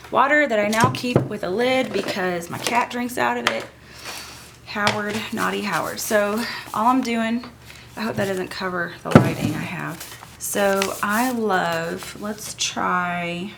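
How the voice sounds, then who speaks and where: A woman's voice: mid-range voice, creaky, noisy background. Chatty woman gushing over crafts. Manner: chatty and gushing, talks while working. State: sniffly. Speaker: art journaling tutor. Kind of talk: casual craft tutorial.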